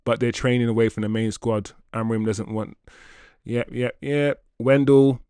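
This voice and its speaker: A man's voice: medium pitch, flat delivery, normal speed, dark tone, smooth, no room sound, studio quality. Exasperated man hosting a live stream. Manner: exasperated, talks to chat; reads viewer comments aloud. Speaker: livestream host. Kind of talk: live fan commentary.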